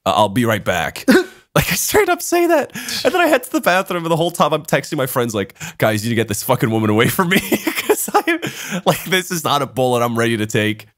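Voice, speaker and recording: A young man hosting a podcast, telling a story in casual chat, animated, swearing a lot and laughing as he talks. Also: mid-range voice, fairly quick, no room sound, clean studio sound. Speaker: podcast host.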